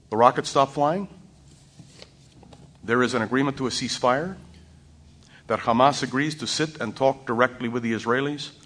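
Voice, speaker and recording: A man speaking on a panel, blunt and deliberate, pressing his points firmly. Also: mid-range voice, a bit bright. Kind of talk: panel discussion.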